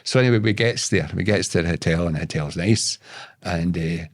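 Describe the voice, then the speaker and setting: A Scottish man spins a rambling yarn as a podcast guest, his voice sitting on the low side. He swears often and stumbles through repeated words as he goes. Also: brisk. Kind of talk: casual storytelling.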